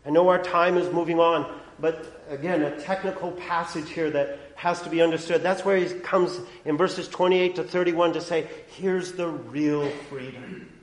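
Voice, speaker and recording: A male pastor preaching a sermon, swinging from hushed, low lines to loud, rising ones. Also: steady tone, moderate pace, hardly any pauses, echoey room.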